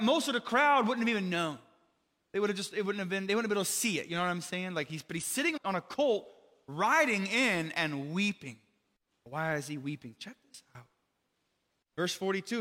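Guy preaching real casual, bright tense voice, big echoey hall. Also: a little high. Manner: casual, conversational preaching with many fillers. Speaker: pastor. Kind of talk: sermon.

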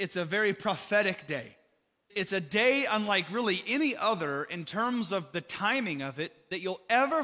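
Bright-voiced casual preacher in a hall. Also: male voice, sits high. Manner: casual, conversational preaching with many fillers. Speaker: pastor. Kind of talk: sermon.

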